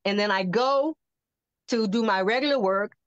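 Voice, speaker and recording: An older woman on a podcast telling a personal testimony, animated and acting out the voices she quotes. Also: medium pitch, normal speed, no echo. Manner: animated storyteller who acts out quoted voices. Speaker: podcast guest. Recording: dull lo-fi dry sound.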